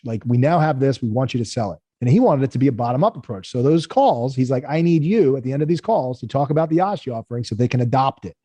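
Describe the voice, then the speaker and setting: A man's voice: medium pitch, mellow, dry recording. A man, a company founder, tells stories in a casual interview, acting out the people he quotes in raised voices.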